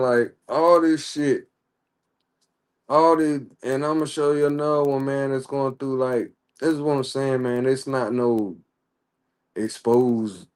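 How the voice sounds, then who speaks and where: A man's voice: mid-range voice, a little mellow. A man ranting in casual livestream commentary, heated and profane. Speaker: streamer.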